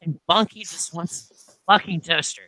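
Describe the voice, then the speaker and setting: A young woman co-hosting a casual podcast, recapping a reality show with animated storytelling, acting out quotes, laughing and swearing freely. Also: fairly low pitch, normal speed, no echo, poor audio. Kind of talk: casual chat.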